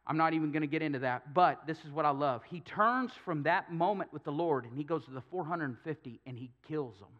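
A man preaches in a church, retelling scripture with humor and playing out the characters' lines. His voice sits a little high. The recording is dull and lo-fi, with the top end muffled. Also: fairly quick, hardly any pauses. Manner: storytelling with humor, acting out quotes. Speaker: pastor. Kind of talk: sermon.

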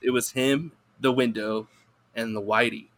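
A man's voice: mid-range voice, steady tone, a little slow, a bit bright. A man guesting on a podcast, telling a rambling, profane story in casual chat and laughing through it.

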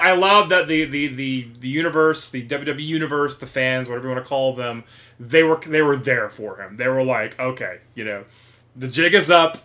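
A man's voice: mid-range voice, pushed and bright. A man co-hosting a casual podcast, talking animatedly, swearing and acting out quotes. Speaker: podcast co-host.

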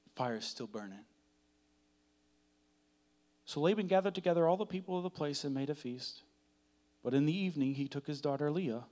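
A man preaching a sermon in a dramatic, chatty way, swinging from hushed to loud. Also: a little high, lively intonation, brisk, long pauses. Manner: conversational, uses "like" often.

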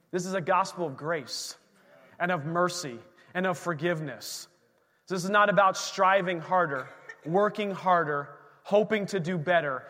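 High, bright-voiced preaching pastor. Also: male voice, long reverb tail. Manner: energetic, call-and-response preaching. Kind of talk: sermon. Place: church sanctuary.

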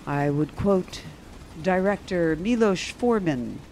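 A woman's voice: on the low side, animated, takes it slowly, darkish tone, a little hiss or hum. A middle-aged woman hosting a casual talk show as a therapist, speaking frankly and laughing often. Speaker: podcast host and therapist. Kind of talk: casual chat.

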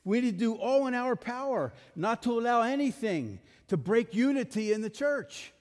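A man's voice: very high-pitched, expressive, moderate pace, darkish tone, in a large hall. A male pastor preaching a sermon, emphatic, putting rhetorical questions to his congregation.

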